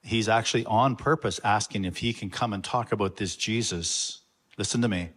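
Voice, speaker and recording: Low-voiced pastor introducing a guest. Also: male voice, fairly bright tone. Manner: halting, reflective. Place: church sanctuary. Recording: long church reverb.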